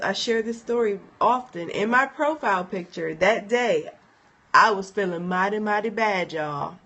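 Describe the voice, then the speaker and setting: A woman speaking on a live stream, telling her own story with emphatic repetition. She voices the words of people in the story as she goes, at a medium pitch. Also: a bit bright, highs cut off. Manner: emphatic, repeats phrases, acts out the friend's encouraging words. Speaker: inspirational speaker. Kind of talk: live-stream personal testimony.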